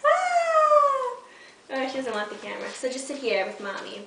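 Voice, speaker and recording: A woman's voice: medium pitch, steady tone, fast, vocal fry, fairly bright tone, recorded from a distance, a little hiss or hum. A teenage girl telling funny stories to the camera in a hyper, giggly, self-mocking way. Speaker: vlogger. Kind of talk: casual storytelling to camera. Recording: echoey room, voice off-mic.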